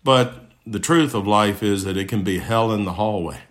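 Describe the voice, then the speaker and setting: A man preaching a sermon as pastor, earnestly, with rhetorical questions and long lists, often swinging between raised and hushed tones, dropping soft and low when he quotes. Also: moderate pace.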